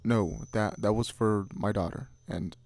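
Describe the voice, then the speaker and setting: A man voicing an excitable, protective middle-aged farmer father who gives firm orders. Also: fairly low pitch, a little slow, creaky, dry recording. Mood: excited. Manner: excited, commanding.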